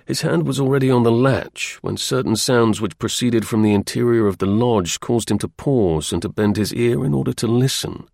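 A man reading a historical novel aloud as an audiobook narrator, with measured, dramatic storytelling. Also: medium pitch, creaky, darkish tone, no room sound, studio quality.

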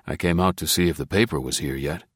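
A man playing a composed, evasive neighbor with a deep, low voice. He speaks politely but coolly and gives little away. The recording is dry and close, in audiobook style. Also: quick pace, slightly rough, dry recording. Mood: guarded. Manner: calm, polite, dry and dubious. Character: tall, guarded, evasive male neighbor.

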